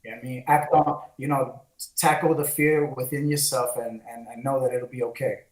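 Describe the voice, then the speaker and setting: A man's voice: medium pitch, fairly even intonation, brisk. A man from the Bronx, co-hosting a candid podcast and speaking in an impassioned, preachy way. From the Bronx, New York. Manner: impassioned, preachy, mixes in Spanish phrases. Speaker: co-host. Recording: roomy echo.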